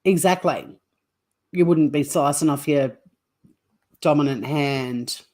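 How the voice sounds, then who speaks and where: A woman's voice: deep voice, slow, darkish tone. A woman hosting a livestream, rambling in casual chat with viewers and swearing freely. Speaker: livestream host.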